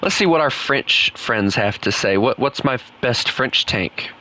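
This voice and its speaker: Bright-voiced Southern man streaming games. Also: mid-range voice, lively intonation, a little slow. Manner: chatty, rambling, fillers, talks to chat. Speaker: gaming streamer. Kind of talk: casual live commentary.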